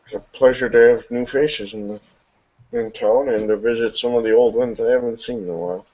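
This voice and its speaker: A man voicing a cordial male vampire elder in a tabletop game, speaking briskly. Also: mid-range voice, darkish tone, lightly acted. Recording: dull lo-fi recording.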